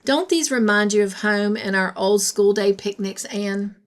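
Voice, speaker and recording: A woman reading the lines of an earnest, lovestruck young man in a storybook, speaking quietly. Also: mid-range voice, unhurried, natural voice.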